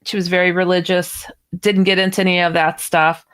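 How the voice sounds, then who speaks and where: A woman's voice: lowish voice, a little fast, clean tone. A woman author, a guest on a radio interview, telling a personal story and acting out the dialogue. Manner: animated storyteller who acts out quoted dialogue.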